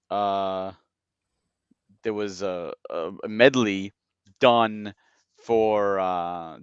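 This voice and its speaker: Low, smooth-voiced man chatting excitedly. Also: no echo, muffled recording. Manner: rambling, excitable, exclaims in quoted asides. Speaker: podcast co-host. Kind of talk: casual podcast chat.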